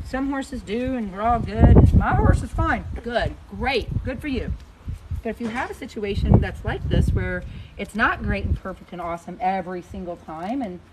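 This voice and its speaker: A woman's voice: a little high, noisy background. A woman from Missouri, a horse trainer talking casually to camera outdoors while trimming her horse's hoof, joking and folksy.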